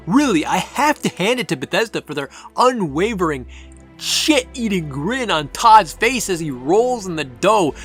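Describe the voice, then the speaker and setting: A man's voice: fairly high pitch, a bit bright. A man narrating a sarcastic game review, ranting and exasperated. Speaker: gaming video reviewer.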